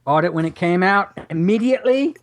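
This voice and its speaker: A man hosting a casual chat show that counts down old hit songs, playful and quick to laugh. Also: sits high, animated, no echo. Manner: playful, laughs often, breaks into jokey sung bits. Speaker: podcast host.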